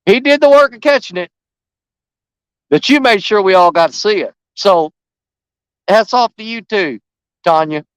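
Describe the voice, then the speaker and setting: A man's voice: high-pitched, animated, moderate pace, long pauses, smooth, no echo, poor audio. A man chatting to live-stream viewers outdoors by a river, folksy and enthusiastic.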